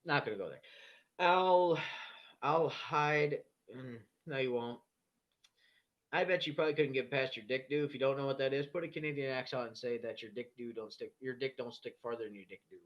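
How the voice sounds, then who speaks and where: A man running a casual live stream, reading the chat aloud and firing back at trolls in a blunt, swear-heavy way. His voice sits at a middle pitch. The audio is a little dull and lo-fi, like ordinary stream sound. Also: steady tone, a little fast. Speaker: livestream host.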